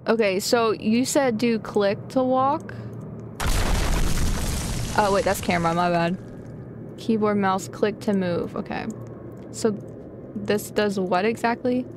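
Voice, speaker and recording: A young woman streaming a game live, excitable and chatty with her viewers, often gasping and giggling. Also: medium pitch, takes it slowly, pauses often, background noise. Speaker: gaming streamer. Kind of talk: live gameplay commentary.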